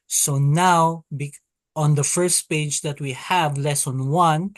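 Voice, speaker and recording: A teacher running an online Hebrew alphabet lesson over a video call, speaking very slowly and patiently. The teacher repeats each vowel sound for the class and calls on students by turn. The sound is dry and close, with a mid-range pitch. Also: fairly even intonation, no room sound.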